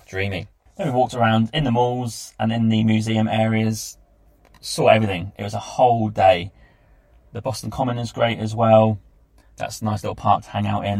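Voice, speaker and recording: Gravelly low-voiced man recounting travels. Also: darkish tone, no echo. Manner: chatty, enthusiastic recounting with lists. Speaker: travel podcast host. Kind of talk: casual travel diary narration.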